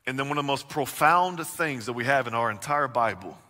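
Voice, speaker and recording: A man's voice: mid-range voice, expressive, brisk, pushed and bright, in a large hall. A man preaching a sermon as pastor, earnest, swelling and dropping his volume.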